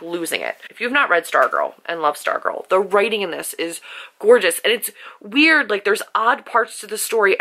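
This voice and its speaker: A woman's voice: medium pitch, a bit bright, rough recording. A young woman gushing about books in a casual, emotional late-night vlog. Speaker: book vlogger.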